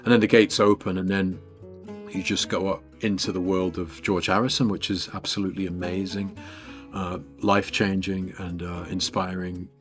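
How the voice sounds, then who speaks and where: An English man in his fifties, a guest guitarist telling stories in an interview in a chatty, animated way, full of "you know" and "like". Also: sits low, moderate pace, faint music behind. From England. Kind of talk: casual storytelling in an interview.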